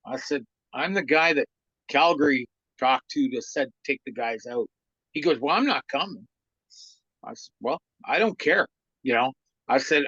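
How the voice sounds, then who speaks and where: A man's voice: a little high, normal speed, no echo. An older man with a slightly raised voice tells a backstage story, slipping into the voices of the people he quotes. The sound is dry and a little muffled. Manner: lively yarn-spinner who acts out other people's quoted lines. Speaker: guest, former hockey trainer and stand-up comedian. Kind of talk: anecdotal storytelling in a podcast interview.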